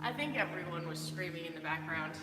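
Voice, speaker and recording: A woman's voice: fairly low pitch, expressive, a little fast, very noisy. A young woman chatting upbeat with viewers by name while coaching a live workout. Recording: roomy hall reverb. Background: faint background music.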